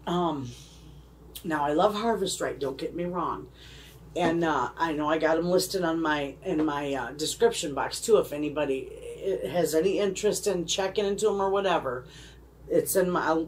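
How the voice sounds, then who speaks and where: Her voice sits on the low side, with a little hiss or hum in the recording. She's a middle-aged woman running a homesteading channel, casually chatting to camera and getting emotional, rambling, and heartfelt with her audience.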